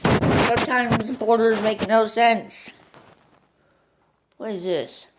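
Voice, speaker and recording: A man's voice: high-pitched, fairly even intonation, slow pace, very noisy. A male gamer at home giving casual commentary on a strategy map game, rambling and easily sidetracked, with lots of "like.". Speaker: gaming commentator.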